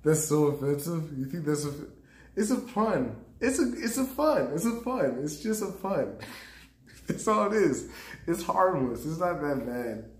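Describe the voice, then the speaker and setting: A man chatting on a live stream in a somewhat high voice, rambling loosely and laughing often as he answers his chat. His voice carries a roomy echo. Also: sing-song, measured pace. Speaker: streamer and stand-up comedian.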